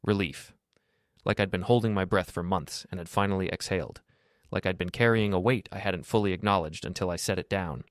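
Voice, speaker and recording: A man narrating a first-person story in a calm, level, flat delivery. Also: sits low, no echo, clean studio sound.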